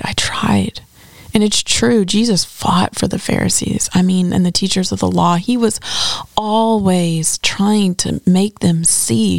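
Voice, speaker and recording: Woman doing a bible study, chatty and earnest, bit of vocal fry, dry close sound. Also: medium pitch, darkish tone, no echo. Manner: conversational, earnest, quoting scripture dramatically. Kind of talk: casual Bible study teaching.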